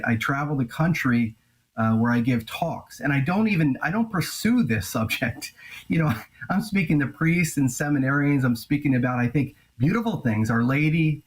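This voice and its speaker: A male journalist and author answering interview questions in an earnest, grave way, with halting restarts. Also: mid-range voice, poor audio.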